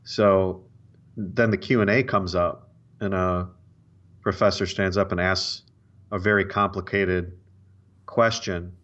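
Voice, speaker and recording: A man's voice: sits low, little pitch movement, takes it slowly, pauses often, fairly bright tone, highs cut off. A man co-hosting a podcast, a dry, joking storyteller who halts and restarts. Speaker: podcast co-host. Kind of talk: casual chat and joke telling.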